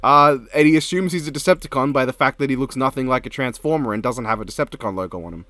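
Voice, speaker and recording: A man co-hosting a casual commentary chat, animated and swearing freely. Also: medium pitch, quick pace, no room sound. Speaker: co-host.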